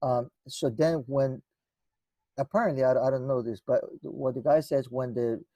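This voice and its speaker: Warm-voiced man telling stories. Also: medium pitch, steady tone, normal speed, dry recording, dull audio. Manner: rambling, many restarts, acts out dialogue. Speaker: guest musician. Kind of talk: conversational storytelling.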